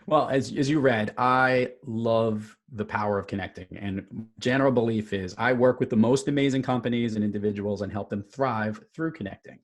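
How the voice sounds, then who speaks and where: A man's voice: medium pitch, normal speed, hardly any pauses. A man being interviewed as a guest, upbeat and enthusiastic as he explains his work. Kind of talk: interview conversation.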